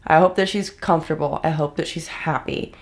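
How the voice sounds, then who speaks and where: A woman's voice: sits low, steady tone, fairly quick. A woman giving heated, blunt reaction commentary and swearing often. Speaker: commentary host.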